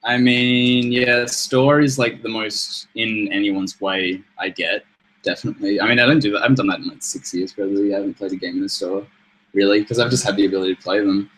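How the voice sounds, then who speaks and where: A man's voice: on the low side, fairly even intonation, brisk, fairly bright tone, slight background noise, low-quality recording. A young man co-hosting a casual chat show, laid-back, laughing often and swearing freely. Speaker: podcast co-host.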